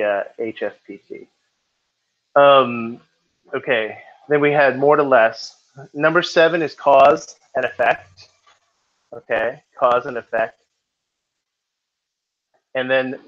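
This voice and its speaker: A man teaches a test prep class in a casual lecture style and keeps checking that students follow. His voice sits at a middling pitch. The recording sounds dull and lo-fi.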